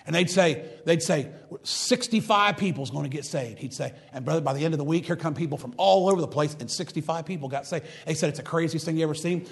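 A man's voice: on the high side, fast talker, vocal fry, hardly any pauses. A man preaching a fervent, repetitive sermon and reading scripture aloud. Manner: fervent, repetitive, builds to loud emphatic preaching; reads scripture in old-fashioned wording.

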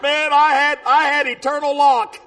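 A man preaching a storytelling sermon in a big booming voice, dropping in "amen" as he goes and breaking into shouts. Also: level tone, moderate pace.

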